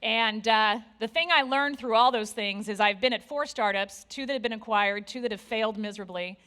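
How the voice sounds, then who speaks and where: A woman in her forties giving a candid, self-deprecating conference talk on stage, with lively asides to the audience. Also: fairly high pitch, a little fast, clear, resonant tone. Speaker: conference speaker.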